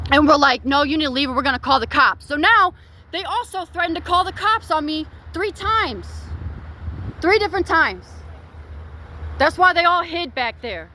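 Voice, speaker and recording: A woman's voice: sits high, fairly bright tone, a little hiss or hum. A young woman vlogging outdoors at a car repair shop, retelling a dispute in an angry, indignant rant with plenty of swearing.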